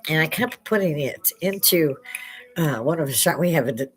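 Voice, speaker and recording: Animated and moderately paced, her voice sits low. An older American woman, she hosts a casual livestream chat from her home bar, wandering through topics and laughing often, on a headset with a clip-on mic.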